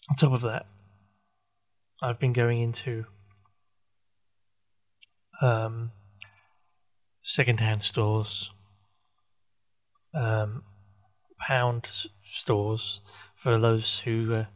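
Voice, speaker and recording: A man muses aloud on his podcast in a loose, unscripted ramble. He stops and restarts often, hunting for words, and slips in dry asides. His voice sits at an everyday middle pitch for a man. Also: fairly bright tone. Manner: halting, full of fillers and self-corrections, wry. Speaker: podcast host. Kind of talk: rambling casual monologue.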